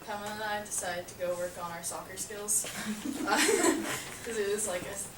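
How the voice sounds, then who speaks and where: A woman's voice: medium pitch, steady tone, brisk. A woman casually telling a funny personal story, chatty and laughing often, filling her talk with "like". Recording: echoey room, far from mic, noisy.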